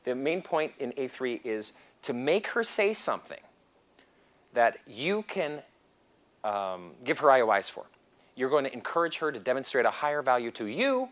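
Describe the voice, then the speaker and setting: Male seminar instructor, animated lecturer, acts out scenes mid-talk. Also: medium pitch. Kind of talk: lecture to a class.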